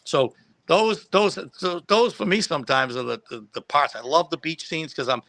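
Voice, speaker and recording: A man's voice: on the high side, animated, normal speed, fairly bright tone, no room sound. A man telling a long, rambling anecdote about his days as a film extra, full of restarts and laughing at his own story. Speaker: guest who acted as a child extra. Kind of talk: casual anecdote on a live stream.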